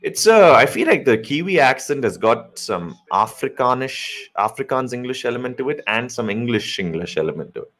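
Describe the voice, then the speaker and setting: A man's voice: medium pitch, very animated, brisk, few pauses, fairly bright tone. A man giving a live cricket commentary hangout, rambling with joking asides and correcting himself mid-sentence.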